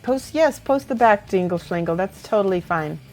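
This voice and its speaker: A woman hosting a casual livestream, chatting warmly and encouragingly as she critiques painted miniatures and laughs often. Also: mid-range voice, lively intonation, normal speed, faint music behind. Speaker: miniature painting host and teacher.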